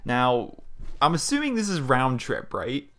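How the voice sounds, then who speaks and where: A man's voice: medium pitch, sing-song, measured pace, fairly bright tone. Chatty young man rambling over gameplay. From Pennsylvania, US. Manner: rambling, chatty, frequent fillers. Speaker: gaming YouTuber. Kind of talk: casual commentary over gameplay. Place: small room at home.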